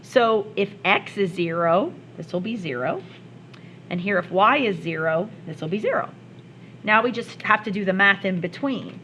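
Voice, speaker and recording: A woman's voice: medium pitch, expressive, normal speed, fairly bright tone, slight background noise, poor audio. A woman math teacher explaining worked examples step by step, with playful asides. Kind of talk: recorded classroom lesson.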